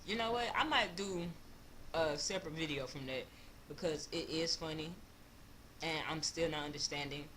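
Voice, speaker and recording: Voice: mid-range voice, normal speed, pushed and bright, slight background noise. A young adult of about twenty from Louisiana, with a Louisiana accent, telling a loose, slangy storytime vlog. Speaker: vlogger.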